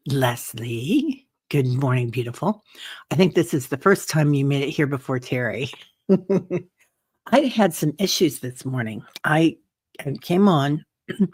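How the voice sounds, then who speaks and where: A woman hosting a meditation group, chatting gently with viewers, greeting them by name and laughing often, a little teary. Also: a bass voice. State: teary-eyed. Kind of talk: casual livestream chat. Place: home, streaming on camera.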